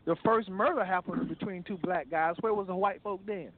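A man's voice: sits high, normal speed. A man co-hosting a casual talk show, speaking emphatically in preachy asides. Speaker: co-host. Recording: tinny phone-like line.

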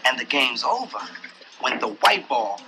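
A man's voice: medium pitch, very animated, measured pace. An actor playing an indignant man who lectures his friends in a preachy, conspiratorial way, from a film clip. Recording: film clip with music underneath.

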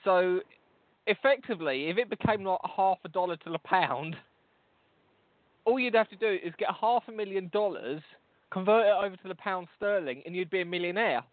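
High-voiced, sweary London man on a tinny line. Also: expressive, moderate pace, no room sound. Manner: sweary, teasing, rambling. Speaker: podcast co-host. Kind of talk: casual banter. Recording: tinny phone-like line, dry.

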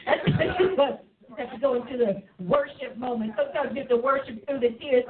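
A woman's voice: high-pitched, very animated, measured pace, crowd noise. A woman hosting a live faith show, talking in an exuberant, preachy way with frequent laughter. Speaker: host. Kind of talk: lively live show chat. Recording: tinny phone-like sound.

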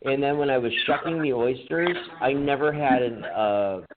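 A man's voice: medium pitch, normal speed, a crowd in the background. A man co-hosting a podcast, telling a rambling, profane story in casual chat, laughing as he goes. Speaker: podcast co-host. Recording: tinny phone-like line with faint hiss.

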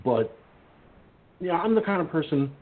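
A husky-voiced man hosts a casual call-in radio chat, rambling through a story with plenty of fillers and restarts. He acts out his friends' lines as he goes. His voice comes through a tinny, phone-like line. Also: on the high side, very animated, a little slow. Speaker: radio show host.

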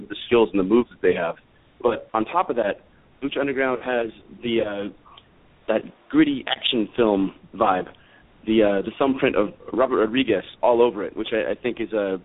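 A man in his thirties, a guest wrestler on a radio show, talking casually and rambling with many fillers and restarts. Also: on the low side. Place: after party. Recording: phone-like radio audio.

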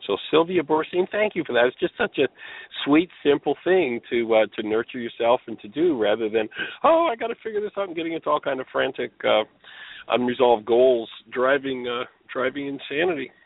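A man hosting a radio show, talking casually with appreciative, halting phrasing. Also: medium pitch, gravelly. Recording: tinny phone-line radio audio, dry.

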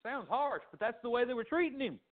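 A man preaching a sermon, swinging his pitch dramatically and acting out the voices of the people he quotes. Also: animated, a little fast. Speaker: pastor. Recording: tinny phone-like sound.

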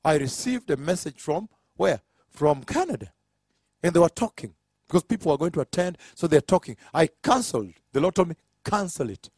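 A man's voice: on the high side, big pitch swings, brisk, a little mellow, husky, no room sound. A man preaching a sermon, emphatic, with rhetorical questions and acted-out dialogue.

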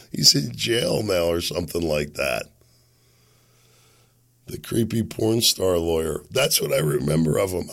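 Gravelly, sardonic commentary host. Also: male voice, on the low side, fairly bright tone. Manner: sardonic, rambling, chuckling asides. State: sick. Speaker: podcast host. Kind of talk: casual political commentary.

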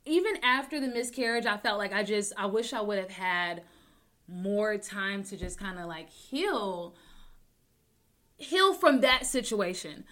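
A young adult woman hosting her own talk show, rambling with many restarts, joking to deflect, swinging between loud bursts and soft mumbles. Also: a little high. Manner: rambling, self-interrupting, jokes to deflect. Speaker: podcast host. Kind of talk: casual personal talk show.

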